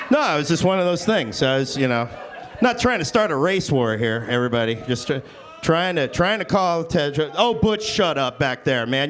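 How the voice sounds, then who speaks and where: A man hosting a comedy roast, keeping the banter loose, joking and profane. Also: mid-range voice. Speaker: host and emcee of a comedy roast. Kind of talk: live emcee banter.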